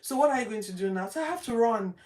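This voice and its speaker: A woman from Nigeria casually retelling Bible stories from her home study, acting out the characters' lines with lively jumps in her voice. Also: fairly high pitch, fast talker, recorded from a distance. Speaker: host of a Bible reading show. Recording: roomy, from off the mic.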